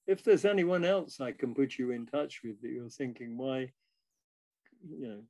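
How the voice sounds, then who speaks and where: A man's voice: mid-range voice, normal speed. An older man, a guest musician, signing off politely in a casual chat. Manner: polite, warm-mannered sign-off.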